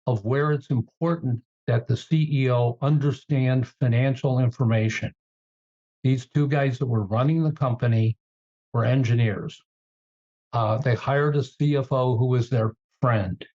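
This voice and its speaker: A man in an interview, telling business stories in a measured way with frequent fillers. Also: mid-range voice, a little mellow, dull audio. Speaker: guest, turnaround CEO. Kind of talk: interview storytelling.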